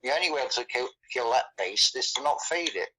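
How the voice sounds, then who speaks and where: A man with a bright, forward voice talks casually. He speaks in halting bursts, often repeating a word before going on. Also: medium pitch, animated, breathy edge, poor audio. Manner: halting, repeats words while thinking. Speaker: guest. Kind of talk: casual conversation.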